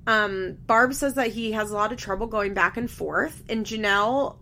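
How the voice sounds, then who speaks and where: Bright-voiced woman recapping casually. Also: mid-range voice, moderate pace, slight background noise. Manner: candid, swears casually, laughs often. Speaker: reality TV recap vlogger. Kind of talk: casual chat.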